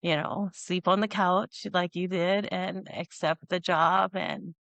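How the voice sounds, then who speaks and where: A woman hosting a podcast, telling a personal story in a casual, animated way and acting out the dialogue. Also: on the low side, takes it slowly, creaky, dry recording. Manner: animated, acts out quoted dialogue with lots of "you know". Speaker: podcast host.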